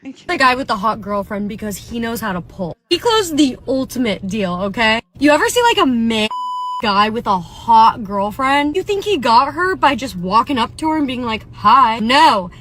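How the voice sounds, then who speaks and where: A woman's voice: fairly high pitch, sing-song, moderate pace, a bit bright. A woman with a slightly raised voice speaks as a sales manager. She makes her points in a punchy way and keeps asking rhetorical questions. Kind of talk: casual monologue.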